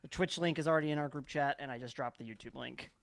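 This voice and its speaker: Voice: mid-range voice, fast, creaky, no room sound. A casual host talks through setting up a livestream, practical and a little distracted. The voice sits in the middle range. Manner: busy, practical, narrating setup tasks. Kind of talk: casual chat.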